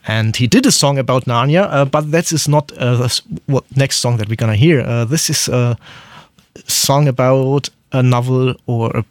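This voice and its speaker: A man hosting a radio music show in casual chat, talking haltingly with many fillers and restarts. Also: mid-range voice, no echo. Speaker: radio host.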